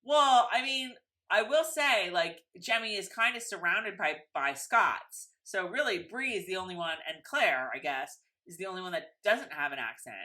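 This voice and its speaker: Woman co-host, casual recap talk, lower pitch, bright edge, rambling and animated. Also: normal speed. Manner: chatty, animated, lots of fillers. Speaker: podcast co-host.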